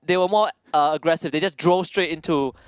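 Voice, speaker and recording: A man's voice: on the high side, steady tone, fairly quick, clear, resonant tone, no echo. A man doing live esports play-by-play, giggling and exclaiming as he calls the action. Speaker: esports caster.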